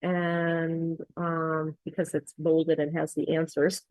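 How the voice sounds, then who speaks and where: A woman with a fairly low voice explains her lesson materials in a steady, patient walkthrough. She pauses often with ums. The sound is dry and close. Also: no room sound, poor audio. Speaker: accent coach. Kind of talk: screen-share tutorial walkthrough.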